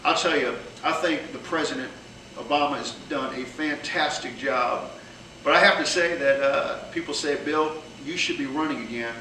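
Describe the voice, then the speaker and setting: A folksy former president with a drawl, as a man impersonates him, rambling through a speech. The tone is bright and a bit high. The sound is roomy and distant. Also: normal speed, a little hiss or hum. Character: impression of a former male US president. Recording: echoey room from far off.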